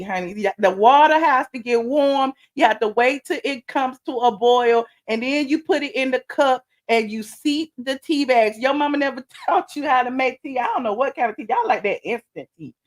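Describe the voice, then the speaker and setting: A woman hosting a live stream in casual chat, sassy and chatty, calling her viewers honey and child, swinging between loud bursts and low asides. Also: normal speed, few pauses.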